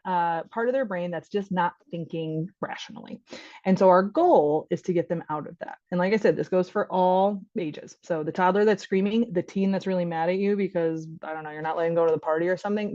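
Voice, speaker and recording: A woman's voice: lowish voice, darkish tone, no echo, highs cut off. A woman physician giving an online training workshop for caregivers, talking conversationally and acting out short exchanges, often laughing. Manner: conversational, acts out child and parent voices, laughs often.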